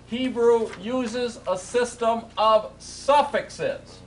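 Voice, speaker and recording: Speaking slowly and expressively, a man with a high, a bit bright voice is heard over a little hiss or hum. He's teaching a Hebrew grammar class, leading students in call-and-response repetition and checking in often with "okay" and "all right."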